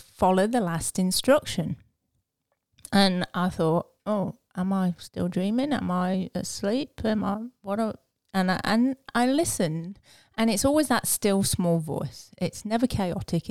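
A woman with a fairly low voice hosts a faith podcast in a loose, chatty way. She pauses on ums and restarts her sentences as she talks. The recording is close and dry, with no room sound. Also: a little mellow, no room sound. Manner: chatty, with many fillers and restarts. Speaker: podcast host. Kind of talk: casual faith chat.

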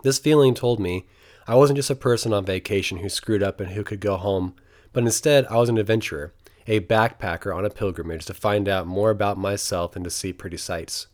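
Low-voiced man reading a travel memoir. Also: brisk, darkish tone. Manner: earnest, reflective storytelling. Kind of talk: memoir narration read aloud.

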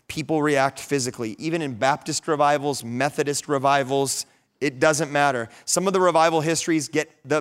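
A pastor in his thirties preaches, carrying his stories through to fervent high points. His voice sits a little above the usual male range and sounds smooth and resonant. He talks in a casual way, full of fillers and restarts. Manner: storytelling, animated, rising to fervent peaks. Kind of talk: sermon.

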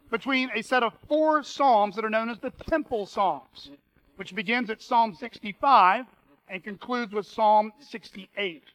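Man, pastor, sermon, earnest, sharp tone, dry close sound. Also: high voice, no room sound, rough recording. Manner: earnest, reads quotes aloud with emphasis.

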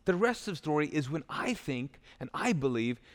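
Higher-voiced male pastor in a reverberant church hall. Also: very animated, moderate pace. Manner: casual joking storytelling, loose paraphrase. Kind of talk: sermon. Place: live church auditorium.

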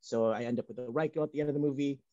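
A man's voice: mid-range voice, fairly even intonation, very fast, warm tone, dry recording, muffled recording. A man co-hosting a podcast in casual banter, joking and rambling with lots of ums. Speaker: podcast co-host. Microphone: home setup on video call.

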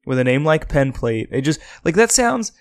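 A man's voice: mid-range voice, a little fast. A man co-hosting a casual chat podcast, rambling and joking, with frequent restarts. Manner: rambling, restarts often, jokey. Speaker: podcast co-host.

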